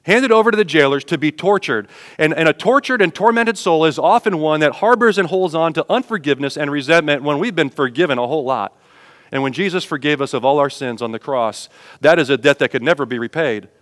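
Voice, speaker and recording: A pastor preaches in a church, his voice sitting a little high for a man. He talks to his congregation like a conversation and pushes louder when he wants a point to land. A long reverb from the hall trails after his words. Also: fairly quick. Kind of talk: sermon.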